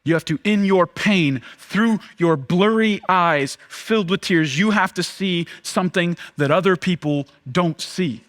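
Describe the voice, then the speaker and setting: Casual pastor with a high voice, chatty sermon delivery, goes lively then hushed. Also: male voice. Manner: casual, conversational preaching with many fillers; shifts between lively emphasis and hushed, slow delivery.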